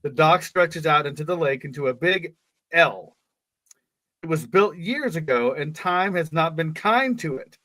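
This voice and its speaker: Man, podcast co-host, reads aloud, jokey asides, slightly high voice, dry sound. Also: animated, a little slow, bright, forceful tone, no room sound. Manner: joking, laughs between lines. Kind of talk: casual reading with jokey asides.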